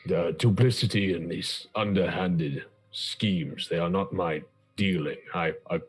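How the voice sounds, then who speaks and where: Deep husky man speaking formally. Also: soft background music. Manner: measured, formal in-character speech. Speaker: tabletop player. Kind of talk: in-character tabletop play.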